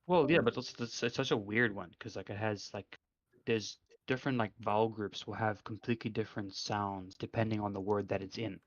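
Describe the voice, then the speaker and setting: Low-voiced young man rambling, lo-fi. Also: fairly even intonation, a little fast, no echo. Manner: rambling, many fillers, reflective. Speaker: podcast co-host. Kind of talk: casual chat. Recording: dull lo-fi sound.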